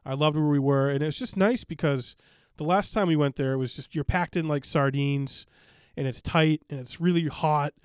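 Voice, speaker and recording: Chatty man with a higher voice. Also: moderate pace, smooth, dry recording, studio quality. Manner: enthusiastic, rambling with many fillers. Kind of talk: casual chat.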